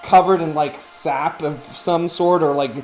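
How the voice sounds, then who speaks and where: A man's voice: fairly high pitch, steady tone, measured pace, a little mellow, faint music behind. Rambling man running a tabletop game. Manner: rambling, full of fillers. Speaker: game master.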